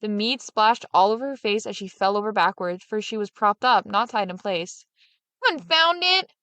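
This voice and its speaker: Woman storyteller, fairy tale read-aloud, dry close sound, steady. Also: medium pitch, normal speed, dry recording. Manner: steady, expressive narration.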